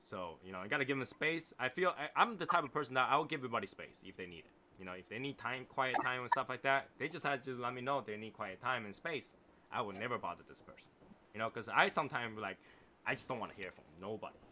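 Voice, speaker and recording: A man hosting a relaxed livestream chat in English with a non-native accent. His voice has a bright, forward ring, and he talks in a rambling, reflective way, often checking in with "right?". Faint room noise sits behind him. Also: medium pitch, quick pace. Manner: reflective, rambling, repeats phrases and asks "right?". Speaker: host of a cigar livestream. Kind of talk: casual chat reading viewer comments.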